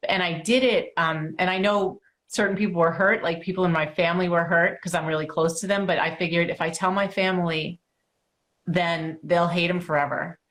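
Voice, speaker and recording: Woman host with a lower voice, chatty and supportive. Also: fairly even intonation, a little fast, a bit bright. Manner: conversational, affirming and personal. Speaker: podcast host. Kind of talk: podcast interview.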